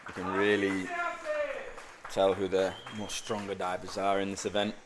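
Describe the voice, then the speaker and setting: A man's voice: low-pitched, completely flat delivery, moderate pace, very noisy. A man commentating on a diving event in a chatty way, with light-hearted asides between dives. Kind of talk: live sports commentary.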